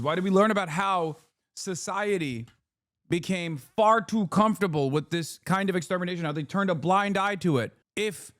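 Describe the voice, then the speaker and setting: A man in his thirties streaming, reacting to a video with heated, sarcastic, rapid commentary full of rhetorical questions. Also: sits high, fairly bright tone, no room sound.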